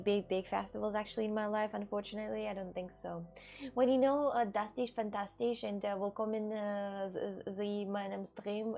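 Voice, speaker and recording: A young woman streamer chats casually to her viewers, answering their questions as they come in. Her medium-pitched voice has a gravelly fry to it, and faint music plays quietly behind her. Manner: chatty, reads and answers chat questions. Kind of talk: casual live-stream chat.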